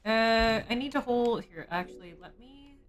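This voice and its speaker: A woman's voice: on the high side, expressive, normal speed, low-quality recording. A woman streamer thinking aloud during live game commentary, with musing, jokey asides.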